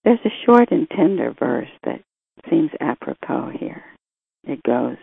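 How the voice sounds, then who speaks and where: Slow gravelly-voiced male preacher. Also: on the high side, sing-song, no room sound. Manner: measured, reflective preaching, quoting scripture and scholars. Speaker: priest giving a homily. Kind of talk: gospel reading and sermon. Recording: tinny phone-like sound, dry.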